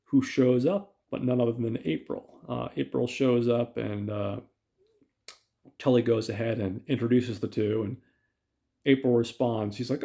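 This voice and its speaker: A man's voice: mid-range voice, steady tone, normal speed, vocal fry, dark tone. A man hosting a podcast, casually retelling a film's plot with lots of fillers and quoted lines. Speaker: podcast host. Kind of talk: casual film recap.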